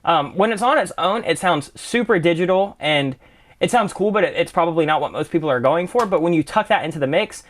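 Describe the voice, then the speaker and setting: Fast-talking young man teaching music production. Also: a little high. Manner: relaxed, chatty, full of fillers like "kind of" and "really, really". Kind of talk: casual screen-share tutorial.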